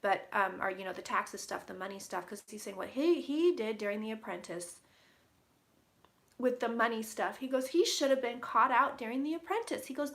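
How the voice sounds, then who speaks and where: A woman giving a casual psychic reading, relaying what she hears in quick quotes and swearing casually. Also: on the high side, animated, a bit bright. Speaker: psychic reader. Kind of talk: casual intuitive reading to camera.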